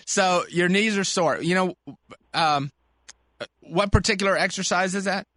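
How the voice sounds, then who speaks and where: A man hosting a call-in sports medicine radio show, chatty and animated, explaining things to callers. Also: high-pitched, unhurried, dry recording, studio quality. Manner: animated, chatty, laughs easily.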